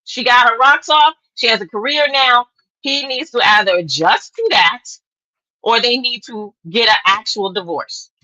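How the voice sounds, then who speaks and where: A woman's voice: on the high side, moderate pace, bright, forceful tone, lo-fi sound. A woman co-hosting a casual movie review chat, blunt and opinionated, firmly arguing her side.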